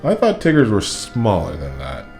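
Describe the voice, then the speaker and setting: A man's voice: on the low side, wildly swooping pitch, moderate pace, vocal fry, darkish tone, soft background music, full character voice. Man doing Piglet, a tiny timid pig. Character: very small timid male piglet.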